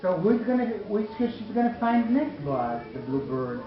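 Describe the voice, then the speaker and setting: A woman telling a story to a small child at home, animated and coaxing, breaking off to talk to the child. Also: on the low side, moderate pace, reverberant, dull audio, over music.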